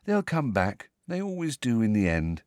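A man voicing a dreamy, serene teenage girl witch in an audiobook, calm and matter-of-fact. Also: mid-range voice, moderate pace, no echo, studio quality.

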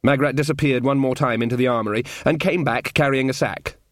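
Delivering scripted narration, a male audiobook narrator sounds wry and measured. The mid-range voice comes through clean, studio-recorded and free of echo.

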